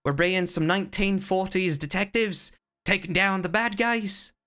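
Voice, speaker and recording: A man chatting casually on a live game stream, playful and joking, sometimes hamming up a deliberately bad Irish accent, at a desk microphone at home. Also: sits high, fairly even intonation, pushed and bright, clean tone. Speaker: variety streamer. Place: home room with closet doors.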